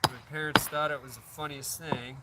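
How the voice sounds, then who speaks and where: A man with a slightly high voice rambles easily as he hosts a casual outdoor livestream. He sounds set back from the mic, with loud noise all around him. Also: steady tone, moderate pace, far from the mic. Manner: rambling, talks to his dog. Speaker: livestream host. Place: outdoors in a yard on a hot day.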